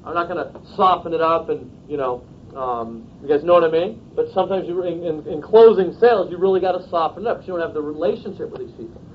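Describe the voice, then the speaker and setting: A man leading a sales training session, talking directly and often checking in with the group. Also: fast. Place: training room, filmed on video camera. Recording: dull lo-fi video with faint rumble.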